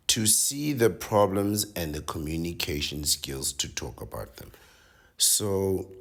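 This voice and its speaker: A man's voice: sits low, slightly rough. A man reading out an article and reacting to it with sardonic commentary, lecturing his listeners and often adding "right?".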